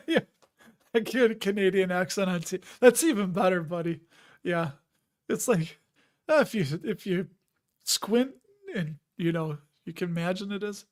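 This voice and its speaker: A man's voice: sits high, a little slow, pauses often. A man in his fifties hosting a casual investing livestream. He jokes, laughs often, and rambles while answering viewer comments. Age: 50s. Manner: chatty, jokey, laughs often, rambling asides. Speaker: host of a dividend investing livestream.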